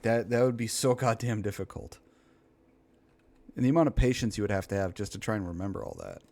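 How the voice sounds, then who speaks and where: A man's voice: lowish voice, big pitch swings, brisk, vocal fry, darkish tone. A man casually reacting to a comedy video, rambling and laughing along, with a bit of swearing.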